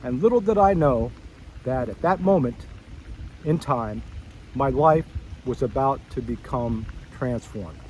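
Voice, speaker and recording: A middle-aged man tells old classmates a story from his school years, wandering off into asides and correcting himself as he goes. He acts out his younger self's surprised reactions, and a faint noise sits behind the mid-pitched voice. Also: a little slow, low-quality recording. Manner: storytelling, acts out his own past reactions with rising excitement. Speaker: former student addressing a school reunion. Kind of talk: personal reminiscence to old classmates.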